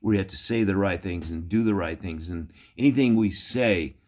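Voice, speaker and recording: Middle aged pastor guy, real low voice, telling funny church stories w little chuckles. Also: normal speed, a little mellow. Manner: folksy anecdotal storytelling with chuckles. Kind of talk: storytelling sermon.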